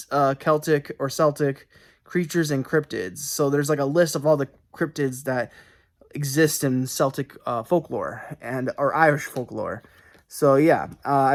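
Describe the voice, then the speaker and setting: A young man chatting casually to camera about his book mail, rambling and correcting himself with lots of fillers. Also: a little high. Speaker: book collector showing book mail.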